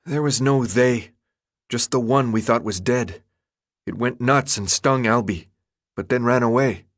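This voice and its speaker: A man's voice: mid-range voice, a little slow, dry recording, clean studio sound. A man voicing a tough, panicky teenage boy in an audiobook, harsh and snapping. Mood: gruff, scornful. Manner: harsh, snapping, swings into despair. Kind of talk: audiobook character voice.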